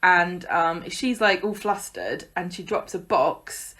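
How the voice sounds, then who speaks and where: Lower-voiced chatty woman podcaster. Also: lively intonation, takes it slowly, fairly bright tone. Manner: sarcastic, chatty recapping with laughs. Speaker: podcast co-host. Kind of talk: casual chat.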